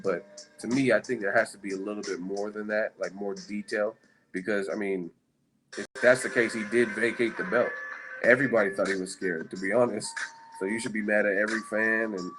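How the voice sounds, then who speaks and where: A man hosting a boxing live stream, rambling and cursing through tired, casual banter with his viewers. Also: on the low side. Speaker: boxing channel host. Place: hotel room in Las Vegas. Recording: music playing behind.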